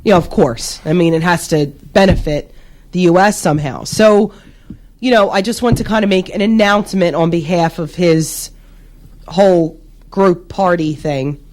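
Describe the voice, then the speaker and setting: A woman's voice: on the low side, moderate pace, darkish tone. A young woman co-hosting a casual comedic chat, giggly and rambling, with a stuffy nose. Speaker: co-host.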